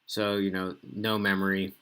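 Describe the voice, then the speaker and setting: A man teaching a recorded introductory physics lesson in a casual, relaxed way, often pausing with fillers. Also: deep voice, clear, resonant tone.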